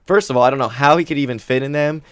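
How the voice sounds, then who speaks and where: Laid-back, profane podcast host. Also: male voice, medium pitch, very fast, dry recording, studio quality. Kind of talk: casual podcast chat.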